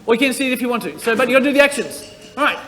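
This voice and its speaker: A man's voice: very high-pitched, expressive, rapid-fire, fairly bright tone, a little hiss or hum. A man leading a children's church service, reading scripture and playfully teaching song actions. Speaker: church worship leader. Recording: church hall with long reverb.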